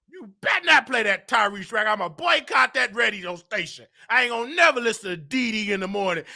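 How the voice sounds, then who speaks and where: A man hosting a comedy show, ranting with exaggerated indignation and bursts of shouting. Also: very high voice, fairly quick, vocal fry.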